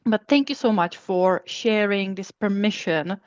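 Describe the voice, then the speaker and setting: A woman's voice: medium pitch, a little slow, no room sound. Woman co-host, dry dull sound. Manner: thoughtful, appreciative. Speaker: podcast co-host. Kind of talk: podcast interview.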